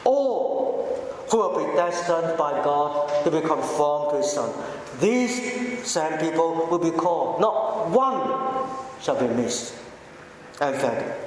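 A man preaching a sermon with a measured, emphatic delivery and deliberate pauses, recorded in a church. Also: fairly high pitch, very animated, slight background noise. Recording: echoey hall, heard from a distance.

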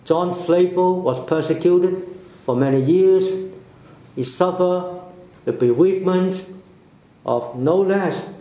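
A man preaching a sermon slowly and deliberately, with emphatic phrases that fall away at the ends. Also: high voice, dark tone, roomy sound. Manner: slow, deliberate, with falling emphatic endings.

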